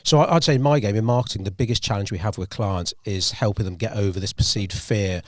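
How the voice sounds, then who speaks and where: A man's voice: fairly low pitch, quick pace, no room sound, clean studio sound. A man hosting a podcast, asking a guest curious, probing questions. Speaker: podcast host, marketer. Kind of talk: interviewing.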